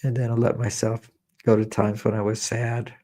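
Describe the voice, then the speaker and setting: A man leading a guided meditation, speaking slowly and repetitively as he coaxes listeners through feelings and shares his own memories. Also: on the low side, completely flat delivery. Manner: slow, repetitive, gently coaxing with personal memories. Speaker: meditation teacher.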